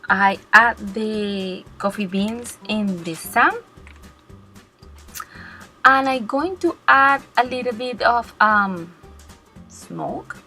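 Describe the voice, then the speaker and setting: A woman narrating a card-making tutorial step by step, pausing and searching for her words as she explains. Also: mid-range voice, sharp tone, faint music behind. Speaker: cardmaking blogger.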